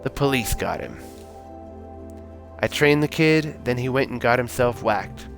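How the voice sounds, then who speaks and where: A man voicing a bitter aging male ex-thief who talks over old times in a taxi in a gruff, unhurried way, as a reading from a story game. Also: mid-range voice, expressive, fairly bright tone, faint music behind.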